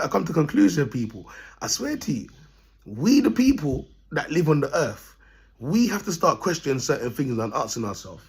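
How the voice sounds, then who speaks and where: Husky man ranting to camera. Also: fairly high pitch. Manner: preachy, streetwise, keeps addressing "people". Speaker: vlogger. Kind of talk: rambling monologue to camera.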